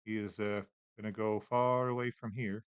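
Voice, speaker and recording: A man narrating as game master of a tabletop game, relaxed, with many fillers. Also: fairly low pitch, normal speed, smooth, no echo, lo-fi sound.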